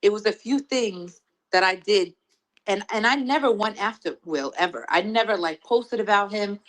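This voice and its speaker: A woman's voice: medium pitch, normal speed, slight background noise, low-quality recording. A woman defending herself in a heated livestream conversation, rambling with many restarts. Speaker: guest in a livestream argument.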